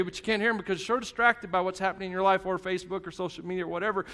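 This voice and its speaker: A man preaching a relaxed, joking sermon, plainspoken and a little crass. His voice sits fairly high for a man. It rings out with a long reverb through a large church hall. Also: very fast, hardly any pauses. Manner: conversational and joking, swinging from hushed to shouted; self-described plain and a bit crass. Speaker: pastor. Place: church service.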